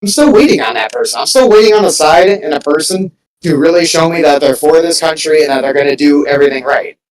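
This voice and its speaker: A man's voice: fairly high pitch, quick pace, far from the mic, crowd noise, low-quality recording. A man in a casual political chat with a friend, rambling with lots of "like" and swearing casually.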